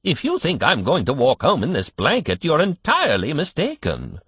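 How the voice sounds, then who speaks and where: A cracked, whiny old man, put on by a male reader, grumbling and complaining from his crib. His quavering voice jumps high above the reader's own, swoops all over, and sounds husky. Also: huge pitch swings, normal speed, fairly bright tone, no echo, heavily acted. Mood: querulous.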